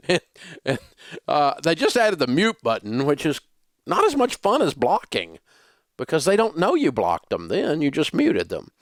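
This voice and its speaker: A man's voice: fairly high pitch, wildly swooping pitch, a little slow, long pauses, no room sound. A middle-aged man with a Southern US accent, hosting a radio show in blunt, joking, dismissive banter on a studio microphone. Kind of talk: casual talk radio banter.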